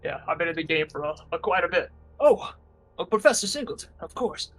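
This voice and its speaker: A man's voice: fairly high pitch, expressive, a little fast, fairly bright tone, faint music behind, low-quality recording. A man voicing a polite, deferential older male professor in a tabletop game.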